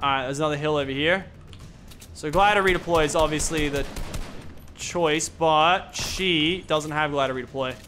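A young man giving excited gameplay commentary, laughing and chatting to opponents. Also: fairly high pitch, normal speed, a little hiss or hum. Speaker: gaming YouTuber.

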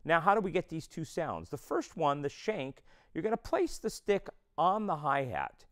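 Male drum instructor, clear smooth voice, lively pitch, methodical step-by-step delivery. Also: moderate pace. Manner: explains step by step, counts beats aloud.

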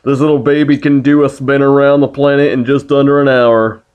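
A man's voice: mid-range voice, flat delivery, brisk, darkish tone, clean tone, natural voice. A man voicing a brash male used-spaceship salesman in a folksy cowboy drawl for a video game playthrough. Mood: salesy.

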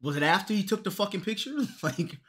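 A young man on a live stream chats casually with his viewers, loose, profane, and joking, with sudden loud, high-pitched outbursts. He talks briskly, and there's slight background noise.

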